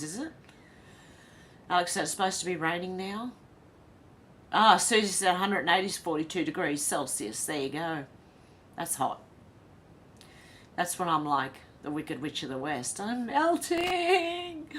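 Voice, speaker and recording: Low-ish lady livestreamer reading out chat messages, quick little asides, bit of a rumble behind her. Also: a bit bright. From Ireland. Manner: reads comments then reacts with quick asides and laughs. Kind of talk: casual chat reading viewer comments aloud.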